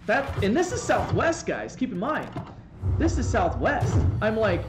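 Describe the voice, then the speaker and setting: A man streaming a game from home on a desk microphone, telling a rambling, animated anecdote with playful asides. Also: high voice, normal speed, music in the background. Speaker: live streamer. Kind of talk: casual storytelling while gaming on stream. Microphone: desk microphone, swapped in for the day. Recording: roomy sound with faint background noise.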